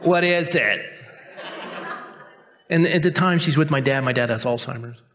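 A man's voice: mid-range voice, fast. A male pastor in his fifties preaching a sermon in a conversational, self-mocking way, telling a personal story and acting out the people in it. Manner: conversational, self-mocking, acts out quoted voices. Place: church sanctuary.

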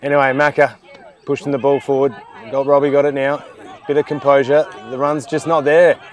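A man's voice: medium pitch, brisk, some chatter behind. Chatty man calling a football match. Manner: chatty, excitable play-by-play with banter. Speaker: football commentator. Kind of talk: live sports commentary.

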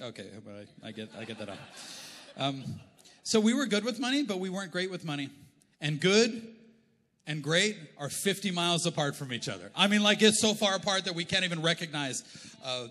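A middle-aged Canadian pastor preaches in a loose, joking, conversational way, his fairly high voice bright and forceful. The sound carries the long reverb of a large church hall. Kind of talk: sermon. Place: church auditorium.

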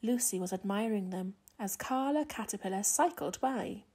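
A woman reading a children's picture book aloud in a gentle, expressive way. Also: mid-range voice, normal speed, breathy edge. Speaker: children's storyteller.

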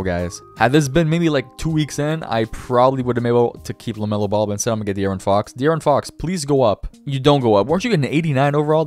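A man's voice: on the low side, darkish tone. A young man giving casual, chatty gameplay commentary, talking to the game and his viewers with self-mocking remarks. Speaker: gaming YouTuber. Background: faint background music.

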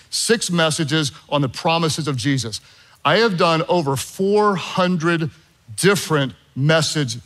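A middle-aged man preaching from a church stage with a slightly raised pitch. He tells stories in an animated, self-deprecating way and jokes with the congregation. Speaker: pastor. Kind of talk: sermon with storytelling.

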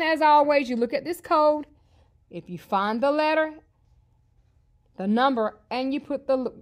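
A woman teaching an early reading lesson to young children, spelling out words letter by letter in an upbeat, encouraging way. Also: a little high. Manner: slow, clear spelling out of letters.

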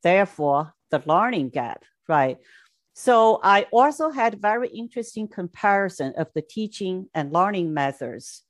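A middle-aged woman from China giving an academic lecture in short, measured phrases, with occasional Mandarin asides. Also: mid-range voice, very animated, no echo. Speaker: education scholar giving a lecture. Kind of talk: academic talk with slides.

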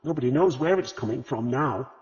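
A man's voice: medium pitch, animated, fairly quick, darkish tone, natural voice. A grieving working mother, bitter and close to tears, her voice lifted and rising and falling widely, as a male narrator puts her on. The audio is dull and lo-fi, in a long-echoing space. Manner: bitter and tearful.

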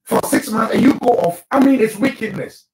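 Male pastor-host, very high voice, emphatic teaching style, roomy distant sound. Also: a little fast, a little mellow. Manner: emphatic, preachy, addresses listeners directly. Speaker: pastor and marriage show host. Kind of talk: live broadcast marriage teaching.

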